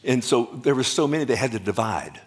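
A man's voice: medium pitch, animated, a little fast. Preaching man quizzing his congregation. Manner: asks the congregation questions and answers them himself; jokes and laughs with the congregation. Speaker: pastor. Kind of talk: sermon.

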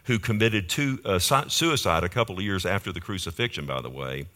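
Low-voiced preacher, emphatic. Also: male voice, animated, a little fast, bright, forceful tone. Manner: emphatic preaching, frequent "amen?" asides to the congregation. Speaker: pastor. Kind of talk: sermon. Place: church in Fort Worth.

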